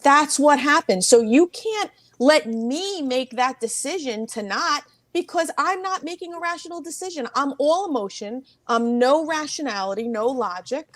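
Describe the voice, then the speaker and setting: A middle-aged woman therapist telling a personal story in a casual interview, talking fast and animatedly. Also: no echo. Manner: animated, rapid talker who mimics others in a high voice. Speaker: therapist guest.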